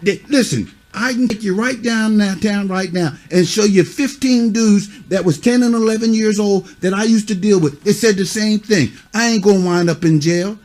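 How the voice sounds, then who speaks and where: High-voiced middle-aged man as a tough mentor, scolding kids bluntly. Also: normal speed, few pauses, a little mellow. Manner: scolding, repeats "huh?" and "you see what I'm saying"; blunt, curses. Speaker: youth mentor. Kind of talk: stern lecture to children.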